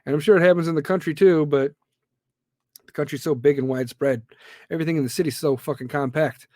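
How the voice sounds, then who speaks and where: Casting: male podcast host, fairly high voice, blunt and profane, dry close sound. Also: fairly even intonation, fast, darkish tone, no room sound. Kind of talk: ranting monologue.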